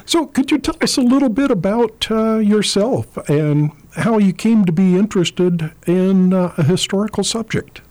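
A man hosting a radio history program, asking questions in a measured, halting way. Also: high voice, darkish tone. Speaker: radio show host. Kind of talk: radio interview.

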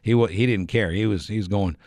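A middle-aged man with a very low voice tells a casual, meandering story for a radio audience. He backtracks, restarts his sentences and chuckles along the way. His voice sounds dry and close, with no room around it. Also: brisk, darkish tone, no echo. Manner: rambling, self-correcting, chuckles while telling.

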